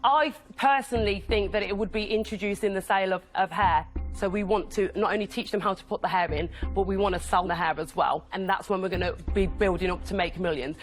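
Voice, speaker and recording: Young female entrepreneur, earnest and jittery, mid-pitch. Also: faint music behind. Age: young adult. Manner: earnest, nervous, rushing answers. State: tearful.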